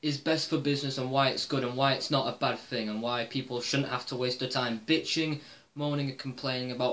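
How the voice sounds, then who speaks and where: Talking a little fast with a medium-pitched, fairly bright voice, this wrestling vlogger rambles through his opinions in a casual monologue, cursing and filling pauses with "um."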